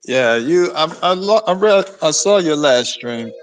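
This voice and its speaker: A man calling into a livestream to argue, speaking haltingly with stumbling restarts. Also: on the high side, expressive, dry recording. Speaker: caller. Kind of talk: call-in argument.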